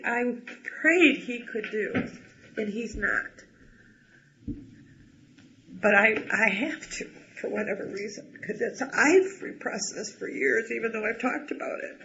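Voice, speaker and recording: A man's voice: extremely high pitch, a little slow, gravelly, sharp tone, slight background noise. A man talking through a painful family history in an emotional personal conversation, blunt and agitated and swearing when angry. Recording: dull lo-fi recording.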